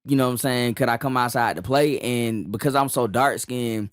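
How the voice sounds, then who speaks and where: Man, laid-back podcast storytelling, mid-pitched voice, dry sound. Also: normal speed, no echo. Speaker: podcast co-host. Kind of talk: casual podcast chat.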